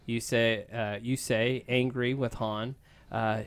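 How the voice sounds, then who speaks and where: A book reader and podcast host casually reads an adventure book aloud, stumbling, correcting himself and laughing in asides. His voice is medium-pitched and smooth, with fairly even intonation, and he takes it slowly.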